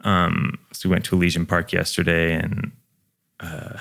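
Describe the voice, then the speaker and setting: A man's voice: deep voice, little pitch movement, normal speed, creaky, a bit bright. A young man, a guest, chatting casually on a podcast in a laid-back, profane way full of fillers.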